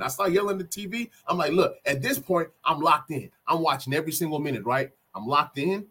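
A man giving an animated fan recap of a football game, repeating key moments for emphasis. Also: fairly high pitch, brisk, hardly any pauses, slightly rough. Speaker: sports fan vlogger.

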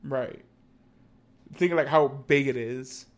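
A man's voice: mid-range voice, slow. A man co-hosting a podcast in casual chat, talking loosely with many fillers and restarts. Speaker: podcast co-host.

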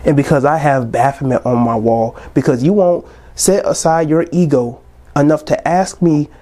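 A man in his twenties holds forth on his podcast in a casual, impassioned way, preaching at his listeners. His voice sits a little high but stays soft and mellow. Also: normal speed. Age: 20s. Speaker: podcast host.

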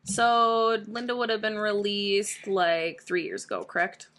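A woman's voice: medium pitch, measured pace, a bit bright, a little hiss or hum. A woman co-hosting a casual true crime podcast, telling the story with swearing and frequent laughter. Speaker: podcast co-host.

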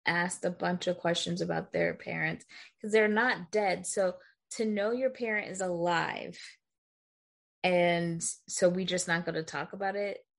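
A young woman co-hosting a casual movie recap, blunt and quick to swear when something annoys her. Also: fairly low pitch, fairly even intonation, gravelly. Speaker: podcast co-host.

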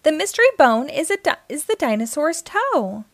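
A woman reading aloud and voicing an excitable young male cartoon spy leader who is quick to panic, in a storybook reading. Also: high voice, dry recording, clean studio sound, pitched above the performer's own voice. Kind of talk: children's read-aloud.

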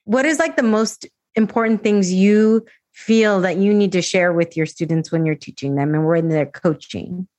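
A woman's voice: on the low side, normal speed, a little mellow, no echo. A woman hosting a casual interview, speaking earnestly and conversationally. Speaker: podcast host.

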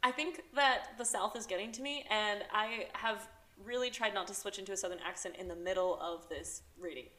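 A woman's voice: mid-range voice, a little fast, pushed and bright, reverberant. A young woman hosting a casual podcast, reading a book review aloud with sarcastic, giggly commentary. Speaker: podcast host.

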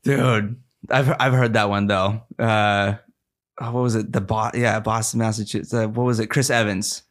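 A man's voice: on the low side, flat delivery, moderate pace. A man hosting a podcast in a casual, chatty way, full of "like" and "dude" and easy laughter. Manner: chatty, drawls, says "like" and "dude" a lot, laughs easily. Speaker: podcast host. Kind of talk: casual chat.

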